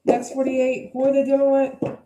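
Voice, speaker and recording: A woman's voice: high voice, completely flat delivery, normal speed, heavy background noise. Blunt, swearing woman tarot reader. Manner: blunt, profane and emphatic. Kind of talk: casual tarot energy reading. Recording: roomy echo.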